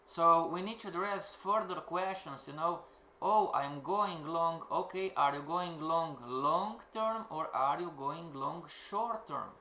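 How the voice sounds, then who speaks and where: Male lecturer, non-native English, slow and deliberate, bright tense tone, rhetorical questioning style, echoey room with faint typing. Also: fairly high pitch, a little hiss or hum. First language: not English. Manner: asks rhetorical questions, keeps calling out "everybody". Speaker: trading course instructor. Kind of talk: live-streamed lecture.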